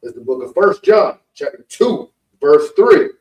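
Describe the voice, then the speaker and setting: A man reads scripture aloud on cue, his pitch moving a lot as he reads. He sounds far from the mic in an echoey room. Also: animated, a little slow. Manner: plain, repeats verses on cue. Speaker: scripture reader.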